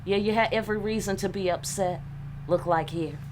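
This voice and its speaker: Over background noise, a woman with a medium-pitched voice talks fairly quickly. She's a tarot reader giving a casual channeled reading, and her relationship advice is blunt, profane and streetwise, peppered with rhetorical asides.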